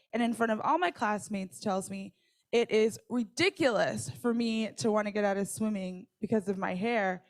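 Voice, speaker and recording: A woman telling a personal story in a lively, conversational way, often checking in with her listeners and laughing between lines. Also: on the high side.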